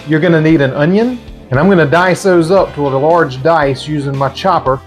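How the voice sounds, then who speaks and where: Southern American man, middle-aged, cooking show host, folksy chatty recipe talk, high voice. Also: normal speed, faint music behind. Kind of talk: recipe demonstration.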